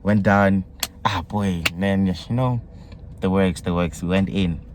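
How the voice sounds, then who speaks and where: A young man with a South African accent and a low, deep voice recounts his day in a relaxed vlog, getting excitable and dropping slang and local words as he goes. A faint hiss sits under the recording. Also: unhurried. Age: young adult. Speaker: vlogger. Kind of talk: casual storytelling vlog.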